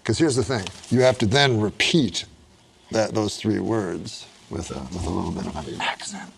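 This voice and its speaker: A man's voice: lowish voice, lively intonation, moderate pace, creaky, background noise. A man hosting a talk show, reading jokes off cards in loose, playful banter. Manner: reads jokes off cards, laughs often, playful.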